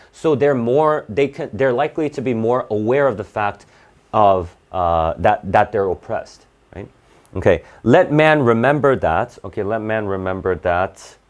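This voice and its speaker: A man teaching an SAT class, explaining in bursts and checking in with "right?" and "okay?". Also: on the low side. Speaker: SAT tutor. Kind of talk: live online class lecture.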